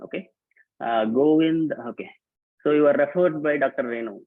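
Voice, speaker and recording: A man with a fairly high voice, speaking at normal speed, hosts a live online workshop over a video call. He casually greets participants by name and repeats instructions, and the recording has tinny, phone-like audio.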